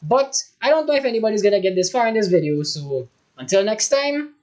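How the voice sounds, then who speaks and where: A reaction host from Trinidad chats casually through the end of the video, offhand and easygoing. The voice sits at a middling pitch. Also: big pitch swings, a little fast, a little mellow.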